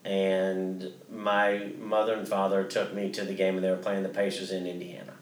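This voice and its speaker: A man's voice: low voice, monotone, moderate pace, echoey room, far from the mic, slight background noise. A man co-hosting a podcast, telling a story in a casual, rambling way with many restarts and some swearing. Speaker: podcast co-host.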